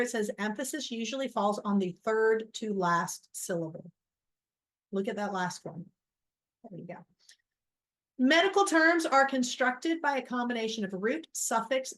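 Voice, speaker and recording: A woman's voice: a little high, fairly bright tone. A middle-aged woman teaching a recorded college lecture over slides, casual and self-deprecating. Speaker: college biology instructor.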